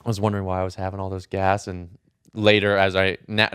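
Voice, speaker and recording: Male podcast guest, earnest explainer, smooth low voice, dry close sound. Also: steady tone, fast talker, fairly bright tone, no room sound. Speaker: podcast guest, strength coach. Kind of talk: casual podcast interview.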